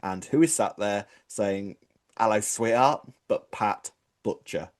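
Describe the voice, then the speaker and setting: A man's voice: lowish voice, animated, slow pace, a little mellow. Chatty man gushing as a fan. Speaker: podcast co-host. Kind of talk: casual chat.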